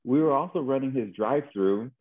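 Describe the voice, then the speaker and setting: A man's voice: mid-range voice, fairly quick. A man from El Paso, Texas telling a story in casual chat, rambling and ending lines with "right?". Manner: rambling, repeats words, tag questions "right?". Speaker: podcast co-host. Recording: phone-like narrow band.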